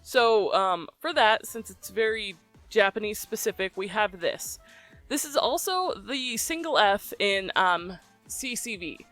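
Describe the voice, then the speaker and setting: A voicebank creator talking through a recording tutorial in a relaxed, chatty way, often pausing with ums. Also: mid-range voice, soft background music. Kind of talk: casual tutorial explanation.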